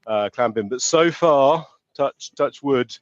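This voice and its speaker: A British man from the UK, a product director joining a podcast remotely, talking in a relaxed, joking way with many fillers. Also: mid-range voice, slow, no echo, highs cut off. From United Kingdom. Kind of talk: casual interview chat.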